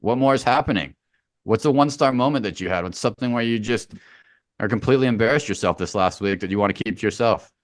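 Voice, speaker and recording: A man's voice: fairly low pitch, fast talker, no echo, clean studio sound. A man co-hosting a podcast, rambling and joking in casual sports banter, swearing freely. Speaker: podcast co-host. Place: remote Hawaii.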